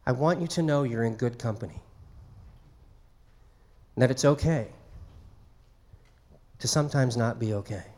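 A man's voice: medium pitch, normal speed, pauses often, darkish tone. A man preaching a sermon in a conversational way, acting out quoted speech. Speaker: pastor.

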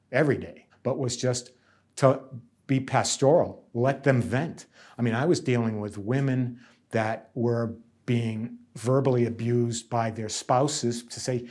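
Man, middle-aged, husky, emphatic, interview testimony. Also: mid-range voice, darkish tone. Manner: earnest, emphatic, repeats words. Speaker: union negotiator.

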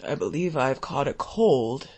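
A woman's voice: animated, a little slow, a little mellow, breathy edge, full character voice. A woman voicing a poor, hungry father who is ill and ashamed, speaking in a hollow, shaking voice. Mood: weary muttering. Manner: low, muttering and subdued.

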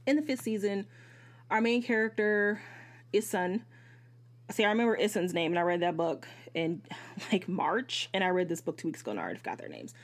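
A woman with a medium-pitched, brisk voice hosts a podcast and gives a casual, candid book review. She is animated and swears freely, often jumping into asides and correcting herself.

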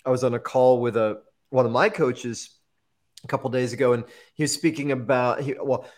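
Host from the US Northeast, mid-pitched, casual and rambling. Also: male voice, fairly even intonation, normal speed, a little mellow. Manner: chatty, rambling, many fillers. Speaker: podcast host. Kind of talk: casual interview chat.

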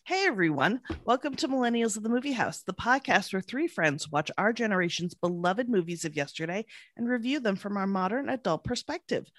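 A young adult woman hosting a casual podcast, upbeat and agreeable, often answering with a quick "yep". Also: medium pitch, lively intonation, a bit bright, no room sound. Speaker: podcast host. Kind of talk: casual chat.

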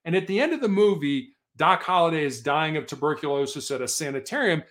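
A man, a guest on an interview show, tells a heartfelt story with an earnest, motivating drive. His voice sits a little higher than most men's. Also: animated, fast, a bit bright. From Colorado, USA.

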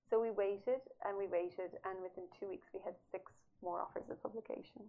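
Woman author guest, animated storyteller, laughs often, mid pitch, a little dull and hissy. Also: a little fast. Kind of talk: casual interview storytelling. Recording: slightly dull audio with faint noise.

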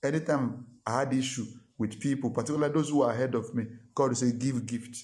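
A man preaching from the pulpit with an emphatic, repeating delivery. His voice sits at an ordinary middle pitch as he tells a personal story and presses his lesson on the congregation. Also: steady tone, quick pace, darkish tone. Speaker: pastor. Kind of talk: sermon.

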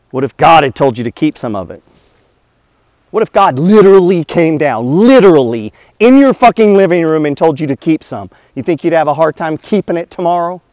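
A man delivers a motivational talk about money in a blunt, preachy way, swearing freely and firing rhetorical questions at the listener. His voice sits somewhat high for a man, and the sound is dry with no room echo. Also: darkish tone. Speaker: host.

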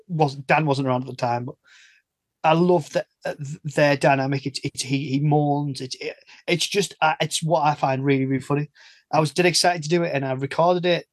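A man's voice: on the high side, no room sound. A man chatting casually as a podcast host, laughing often and restarting his sentences. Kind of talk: casual chat.

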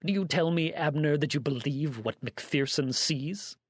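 Male reader voicing an angry rancher, blustering, louder and higher, dry close sound. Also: moderate pace, husky, dry recording. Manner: blustering, cursing.

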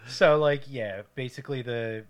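Guy cohosting a movie podcast, swears a lot, jokey, acts out scenes, middle pitch. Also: moderate pace, a crowd in the background. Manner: joking, crude, animated retelling with put-on voices. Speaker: podcast co-host. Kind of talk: casual movie-review chat.

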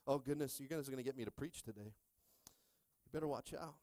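A middle-aged man pastor preaching a sermon with call-and-response, joking with the congregation and rising into shouted stretches. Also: mid-range voice, fairly quick, long pauses, no room sound.

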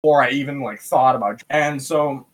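A man from West Michigan, a podcast guest telling a story in a lively, profane way and acting out the voices of people he quotes. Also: medium pitch, brisk. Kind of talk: casual storytelling.

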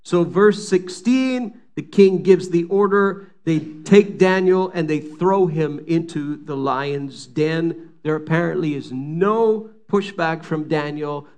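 Preacher, male, higher-pitched voice, storytelling sermon delivery, acts out the quotes. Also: measured pace, few pauses, darkish tone. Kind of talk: sermon retelling a scripture story.

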